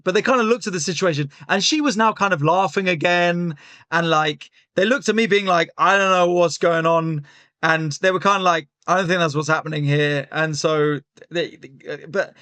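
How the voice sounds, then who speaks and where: A man's voice: high voice, fairly bright tone, no echo. A young man, a comedian guest, telling a story in casual chat with lots of fillers and restarts over a remote call.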